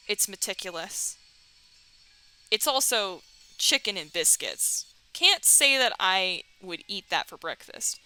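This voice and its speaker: A woman's voice: medium pitch, expressive, slow, pushed and bright, clear, resonant tone, poor audio. A young woman hosting a let's play, chatting casually and reading game text aloud with jokes.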